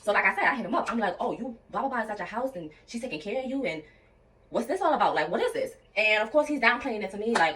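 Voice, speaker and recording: A woman's voice: medium pitch, fast. A young woman spins a personal story straight to her viewers, swinging her voice up and down and slipping into quoted dialogue. She sits a little back from the mic, so her voice sounds slightly distant. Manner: animated, addresses viewers as y'all, quotes people in dialogue. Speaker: storytime vlogger. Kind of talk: casual storytelling to camera.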